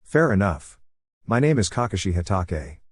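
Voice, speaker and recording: A relaxed, teasing grown man who teaches young ninjas, read out by a man narrating a story. He talks in an easy, unhurried way with a fairly low voice. The recording is close and dry, with no room sound. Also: slightly rough, no echo, full character voice. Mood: easygoing.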